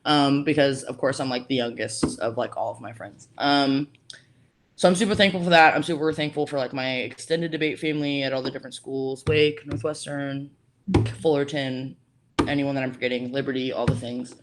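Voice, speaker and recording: A young woman talks casually as a podcast guest, leaning on "like" as she goes and slipping into the voices of the people in her story. Her manner is relaxed and conversational throughout. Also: extremely low pitch, moderate pace. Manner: chatty, heavy use of "like", acts out quoted voices. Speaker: podcast guest, college debater.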